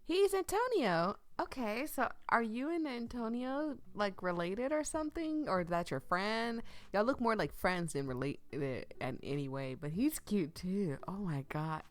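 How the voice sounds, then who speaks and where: A woman plays a booming young camper who gushes over the boys in a story game. She is nosy and loud, and her voice stays close to the reader's own. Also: lively intonation, measured pace, few pauses, no room sound, close to an everyday voice. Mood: gushing.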